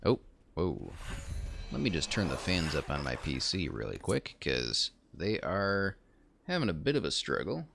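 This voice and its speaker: A man's voice: low-pitched, sing-song, a little slow, creaky, fairly bright tone, a little hiss or hum. A man streaming a game and chatting casually at his PC, rambling and correcting himself as he plays. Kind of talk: casual gameplay commentary.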